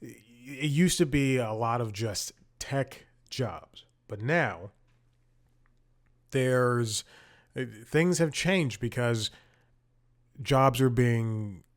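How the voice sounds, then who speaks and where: A man hosting a comedic podcast, rambling and self-deprecating, laughing often as he talks. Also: medium pitch. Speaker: podcast host. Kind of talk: casual comedic podcast monologue.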